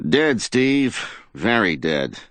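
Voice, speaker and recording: A man's voice: on the low side, big pitch swings, extremely slow, fairly bright tone, no room sound, pitched above the performer's own voice, full character voice. A man reading a crime story, voicing an ambulance doctor who speaks in a clipped, matter-of-fact way.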